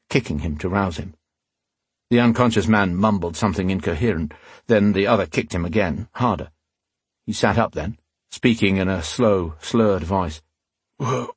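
Low, husky male audiobook narrator. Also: normal speed, dry recording. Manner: steady, even storytelling.

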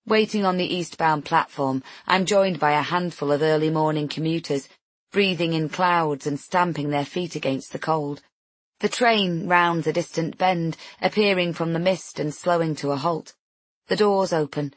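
A woman's voice: low-pitched, normal speed, no echo. A woman narrating a novel in first person, tense and introspective. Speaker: audiobook narrator.

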